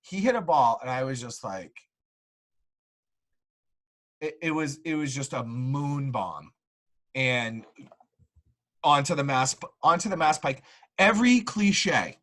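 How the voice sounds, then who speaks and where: He hosts an easygoing sports podcast, telling sprawling, spirited stories heavy with fillers in a mid-range voice. His pace is slow with frequent pauses, and the recording is rough.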